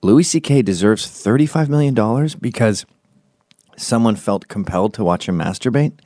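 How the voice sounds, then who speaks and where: A man's voice: lowish voice, animated, normal speed, dark tone, no room sound, studio quality. A man in his forties doing a profane, opinionated comedic podcast monologue, slipping into quoted voices as he tells stories. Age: 40s. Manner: acts out quoted voices mid-story.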